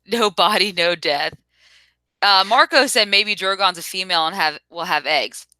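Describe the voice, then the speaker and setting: A woman's voice: mid-range voice, moderate pace, pushed and bright, no echo. A woman co-hosting a casual review show, chatty, spinning theories and laughing easily. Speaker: podcast co-host. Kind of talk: casual chat reviewing a TV episode.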